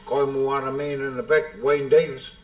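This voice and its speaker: A man's voice: mid-range voice, normal speed. A man giving casual live pool commentary, bantering and calling people bro. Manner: relaxed banter, calls everyone bro. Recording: echoey room.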